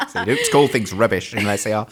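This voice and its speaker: Low-voiced chatty male podcast co-host. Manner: chatty storytelling, laughs often. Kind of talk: casual chat.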